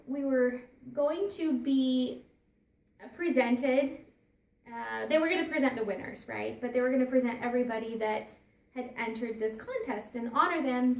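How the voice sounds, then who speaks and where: A woman's voice: fairly high pitch, moderate pace, vocal fry, roomy sound. A woman giving a personal storytelling talk as a parent, earnest, often restarting and repeating her phrases.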